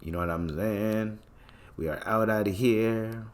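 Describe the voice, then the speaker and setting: A man's voice: on the low side, measured pace. Male podcast host, young, from Canada; casual monologue, crude humor, heavy swearing. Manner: crude, joking, swears freely.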